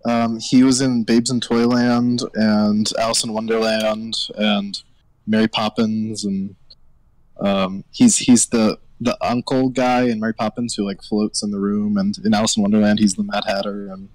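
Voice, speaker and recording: Low-voiced player, dry sound. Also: male voice, flat delivery, moderate pace, a little mellow, no echo, poor audio. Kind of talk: casual tabletop play.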